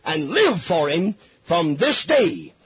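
A man preaching a fiery radio sermon, pleading and rising to shouts. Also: on the high side, wildly swooping pitch, slow, husky, dry recording.

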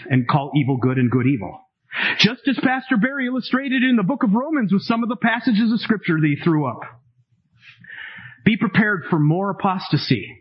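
A man in his fifties preaching a sermon to a congregation, emphatic and animated, with dramatic asides. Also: high-pitched, slightly rough, muffled recording. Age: 50s. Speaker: pastor.

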